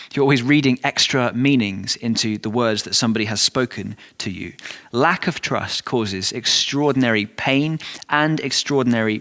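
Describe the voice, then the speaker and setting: A man's voice: medium pitch, a bit bright. A male pastor with an English accent giving a sermon, earnest and emphatic, full of rhetorical questions.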